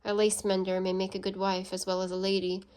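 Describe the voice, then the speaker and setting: A woman voicing a blunt, proud and sarcastic English gentleman in a storybook reading, with a scolding manner. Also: medium pitch, monotone, a little fast, clean tone, close to an everyday voice.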